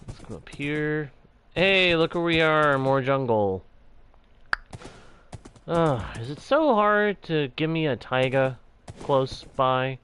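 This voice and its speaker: A man's voice: fairly high pitch, animated, slow pace, pauses often, fairly bright tone, slight background noise. A man casually commenting on his own game as he plays, playful and jokily grumbling to himself. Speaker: gaming channel host.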